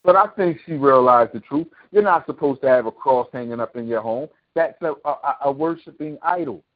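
A man's voice: mid-range voice, normal speed. A man hosting a talk show, delivering a heated, preachy monologue full of sarcastic rhetorical questions and profanity. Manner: impassioned, preachy ranting with profanity. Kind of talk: opinionated monologue. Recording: tinny phone-like sound.

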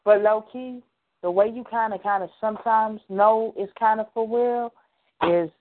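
A woman's voice: a little high, moderate pace. A woman co-hosting a radio talk show, chatting casually and emphatically, speaking straight to listeners. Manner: emphatic, addresses listeners directly. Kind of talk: casual chat. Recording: tinny phone-like sound.

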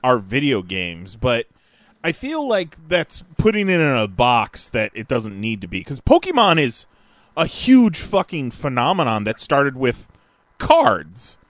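Jokey podcast guy, argues his point, bouncy pitch, dry mic. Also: wildly swooping pitch, measured pace, dry recording. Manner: jokey, argumentative. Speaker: podcast co-host. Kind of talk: casual chat.

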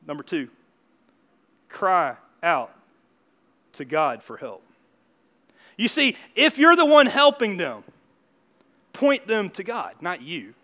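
A man pastor giving a lively, conversational sermon, laughing often and building to emphatic points. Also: high-pitched, slow, long pauses.

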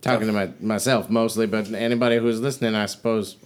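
Man putting on a gruff folksy trader woman. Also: fairly low pitch, steady tone, quick pace, lightly acted. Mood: grumbling. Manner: drawling, folksy, grumbling.

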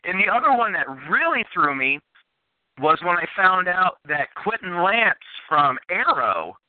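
A man's voice: high voice, big pitch swings, unhurried, no echo. A man as a podcast guest, chatting enthusiastically and rambling with restarts. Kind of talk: casual chat. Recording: phone-like narrow sound, dry.

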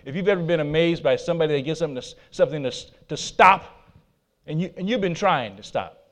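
A man preaching a sermon in a somewhat high voice, bold and emphatic. He drops into soft asides between his loud declarations and speaks straight to his congregation. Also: animated, fast talker. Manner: laughs at himself, talks to the congregation. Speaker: pastor.

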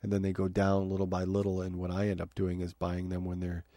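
A man's voice: deep voice, monotone, a little fast, dark tone, no room sound, studio quality. A man hosting a podcast from his home office, chatting casually with frequent fillers and restarts. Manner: rambling, many fillers and restarts. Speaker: podcast host. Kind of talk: casual review talk.

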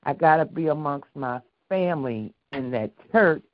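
A woman's voice: low-pitched, expressive, normal speed, dry recording. Churchgoing woman calling in on a muffled line. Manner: warm and churchy, repeats herself. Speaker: caller. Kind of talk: casual call-in prayer testimony. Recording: dry muffled phone line.

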